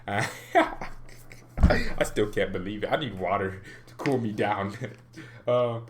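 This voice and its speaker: A man hosting a fan channel livestream, talking casually and animatedly, often laughing, with his voice jumping up when he gets excited. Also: on the low side, slow, noisy background.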